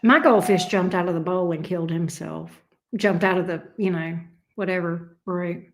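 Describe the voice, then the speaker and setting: A woman's voice: lowish voice, fairly even intonation, moderate pace. A middle-aged woman, chatting playfully with her viewers as a tarot reader and laughing often. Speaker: tarot reader hosting a livestream. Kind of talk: casual chat with viewers.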